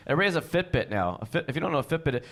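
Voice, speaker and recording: A man from New Jersey doing a stand-up comedy set on stage, chatting fast and acting out the people in his stories with high put-on voices. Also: sing-song, a bit bright. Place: comedy stage before a live audience.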